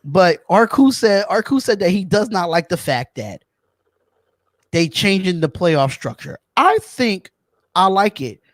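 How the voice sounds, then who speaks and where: A man hosting a casual sports talk podcast, animated and chatty, calling out to viewers. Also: sits high, a little slow, no echo, studio quality. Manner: animated, shouts out viewers, says y'all. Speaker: podcast host.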